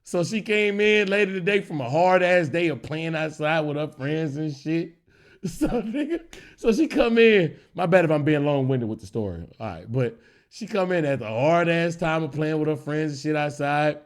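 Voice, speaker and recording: A young man telling an animated, profane story as a streamer, acting out characters and laughing often. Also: on the high side, normal speed.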